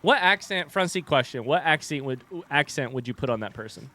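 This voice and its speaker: A young male streamer talks through a horror game with a bright, lively voice that swings widely. He blurts out sudden sworn outbursts in jumpy panic. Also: mid-range voice, a little fast. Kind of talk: live gameplay commentary.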